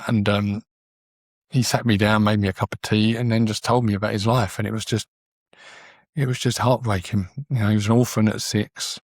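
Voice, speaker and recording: A man's voice: on the low side, little pitch movement, brisk, no room sound, clean studio sound. A man, a documentary photographer telling stories as a podcast guest in an earnest, rambling way. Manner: rambling, frequent restarts, earnest. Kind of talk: casual conversational storytelling.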